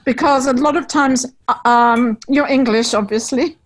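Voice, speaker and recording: A woman's voice: high voice, normal speed, slight background noise, low-quality recording. A woman talent manager in casual conversation, frank and chatty, giving blunt advice. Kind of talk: casual video-call conversation.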